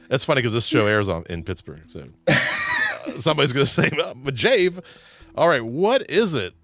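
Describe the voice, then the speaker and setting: A man's voice: medium pitch, huge pitch swings, moderate pace, long pauses, fairly bright tone. A man runs a trivia game show, reading out clues and teasing the contestants with easy laughter. His voice moves a lot, rising and dipping as he talks. Faint music plays in the background. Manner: playful, laughs often, jokes with players.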